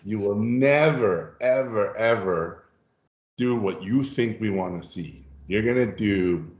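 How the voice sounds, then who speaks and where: A man voicing a gruff older art teacher from Hungary with a thick Hungarian accent, blunt and scolding. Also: lowish voice, takes it slowly, a little mellow, reverberant, muffled recording. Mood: stern.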